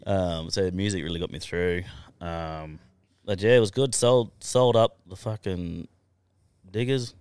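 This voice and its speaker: A low-pitched Australian man yarns through his story as a podcast guest, swearing freely and chuckling along the way. The sound is close and dry. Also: steady tone, a little slow, a little mellow, smooth, no room sound. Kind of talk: casual storytelling.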